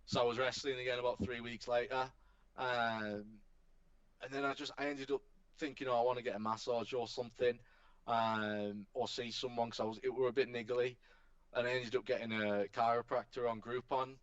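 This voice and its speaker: A man tells animated stories as a podcast guest and swears casually. His voice sits at a middling pitch. The recording is dry and a little dull. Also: moderate pace, dry recording. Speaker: professional wrestler guest.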